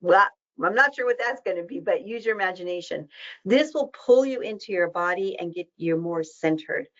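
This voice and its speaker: A woman presenting a webinar as an educator, talking in a warm, encouraging and conversational way. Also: fairly low pitch, expressive. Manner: conversational with fillers and quick asides. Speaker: diabetes educator leading a webinar. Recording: dull, muffled lo-fi audio.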